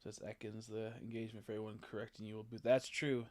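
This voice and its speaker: A man streaming a video game, chatting casually and rambling, swearing often and reacting excitedly to what happens on screen. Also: on the low side, quick pace, background noise. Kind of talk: casual live-stream commentary while playing.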